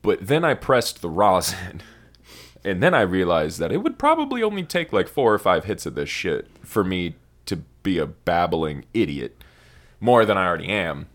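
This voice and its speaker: A man's voice: deep voice, sing-song, normal speed, a bit bright. A young man co-hosting a podcast, rambling and swearing in casual stoned chat. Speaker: podcast co-host.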